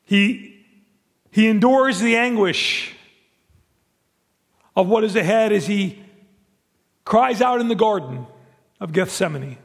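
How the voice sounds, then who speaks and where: A man's voice: sits high, animated, slow pace, creaky, pauses often, long reverb tail. A man preaching a sermon and reading scripture aloud, earnest, often repeating words as he builds a point. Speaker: pastor.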